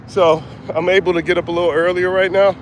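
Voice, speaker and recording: Outdoors by a street, a middle-aged man who is out of breath livestreams as a motivational coach, chatting casually with viewers and reading their names out. His voice sits high with a level tone and fast delivery, and faint street noise and traffic are audible.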